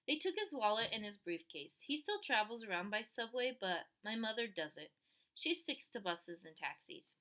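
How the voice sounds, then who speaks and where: A woman reading a children's novel aloud, telling it with lively character voices. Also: medium pitch, moderate pace. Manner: animated storytelling with voiced characters. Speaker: audiobook reader.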